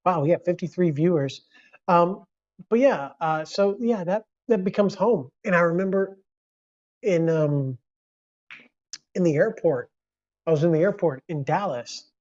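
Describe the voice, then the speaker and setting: A man's voice: sits high, measured pace, pauses often, darkish tone, lo-fi sound. A man from the United States chatting casually on a live stream, rambling and reacting to viewer comments.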